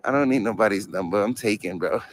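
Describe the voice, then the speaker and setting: Speaking fast in a lowish voice, with a little hiss or hum on the recording, a young man from New York chats to the camera and to officers outdoors. He's a First Amendment auditor, and his street talk is slangy, jokey, rambling, and full of curses.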